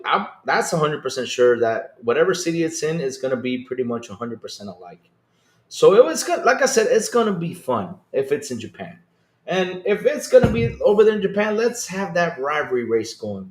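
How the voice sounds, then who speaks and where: A man hosts a casual live-stream podcast, talking in a loose, rambling way and reading messages from the chat as they come in. His voice sits a little high. The sound is roomy and echoey. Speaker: podcast host.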